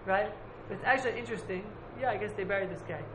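During an informal Talmud class for a small group, a man explains at a quick pace in a high-pitched voice, rambling, repeating and hedging frequently. Background noise is present, and the room echoes.

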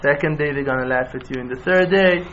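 A man giving a sermon in full of terms, telling stories in a low voice and then rising into loud, passionate exhortation. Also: flat delivery, very fast. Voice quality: non-native English with Hebrew terms. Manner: impassioned, swings from hushed storytelling to loud rising exhortation. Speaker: rabbi. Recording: dull lo-fi recording with faint noise.

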